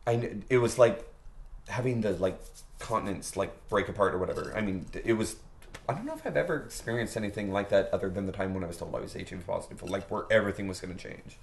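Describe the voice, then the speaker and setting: A man's voice: lowish voice, fast, vocal fry, slight background noise. Laughing, foul-mouthed man telling a story. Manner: loose, chatty, laughs often, swears freely. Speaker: interviewee. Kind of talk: candid personal storytelling.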